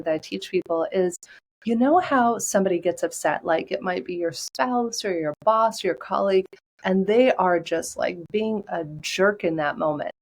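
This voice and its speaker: A woman podcast guest and coach talking in an animated, upbeat, storytelling way in a casual interview. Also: medium pitch, low-quality recording.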